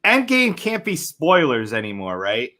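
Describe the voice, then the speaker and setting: A male host with a bright, tense, fairly high voice leads a casual chat. He mostly offers short reactions and nudges the guest along with questions. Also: wildly swooping pitch, normal speed. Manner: brief interjections and prompting questions.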